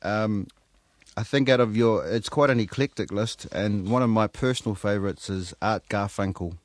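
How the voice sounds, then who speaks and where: A man with a New Zealand accent hosting a radio interview, playful and mock-earnest with deadpan jokes. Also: fairly low pitch, normal speed, no room sound. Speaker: radio host. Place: radio studio. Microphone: studio microphone.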